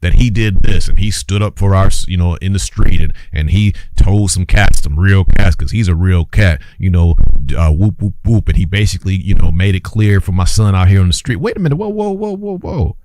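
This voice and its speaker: A man delivers a fired-up opinion monologue in a preachy, urgent tone, his pitch swinging widely from line to line. He repeats phrases to drive each point home and speaks to his listeners as brothers and sisters. The sound is dry, with no room echo. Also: a little mellow. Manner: urgent, exclaiming. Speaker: host and commentator.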